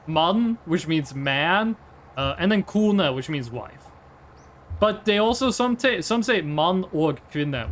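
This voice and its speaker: A man's voice: high-pitched, fairly bright tone, a little hiss or hum. A Norwegian man with a Norwegian accent, chatting casually as a streamer, rambling and swearing often. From Norway. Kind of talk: casual chat.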